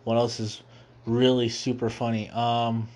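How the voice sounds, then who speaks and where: A man's voice: mid-range voice, level tone, darkish tone. A young man hosting a movie review show, rambling casually with many fillers and restarts, laughing as he quotes scenes. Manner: laughs easily, quotes scenes in quick put-on voices.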